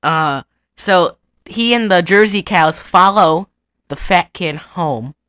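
A woman chatting casually as a podcast co-host, retelling a cartoon with giggles and quick voice impressions. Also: fairly low pitch, a bit bright, dry recording, clean studio sound. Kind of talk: casual chat.

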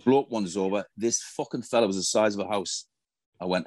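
Low-voiced man spinning yarns. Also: animated, normal speed, a little mellow, dry recording. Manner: profane, storytelling, swears constantly. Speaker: former footballer, guest. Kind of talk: casual anecdotal interview.

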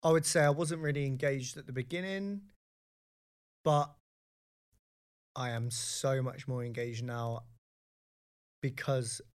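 A man co-hosting a podcast in casual chat, animated and quick to laugh, calling everyone mate. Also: mid-range voice. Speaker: podcast co-host.

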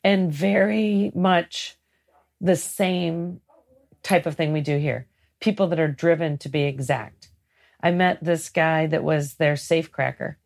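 A woman sits for a casual interview about running a sailing program. She has a low voice with a gravelly edge. She tells lively stories and acts out the things people say to her. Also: measured pace. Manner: lively storyteller who acts out what others say. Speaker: guest, head of a sailing program.

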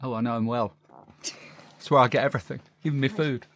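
A man voicing a brash, gossipy middle-aged woman who hosts a talk show, chatty, loud and theatrical in a comic monologue. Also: mid-range voice, steady tone, fairly quick, no room sound, close to an everyday voice. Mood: gushing. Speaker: podcast host.

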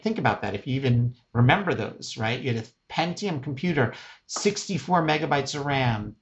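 A middle-aged man talks in an emphatic, animated way, punctuating his points with quick "right?" checks. His voice sits in a middle pitch, and the audio sounds a little dull and muffled. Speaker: media executive guest. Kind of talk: casual interview talk.

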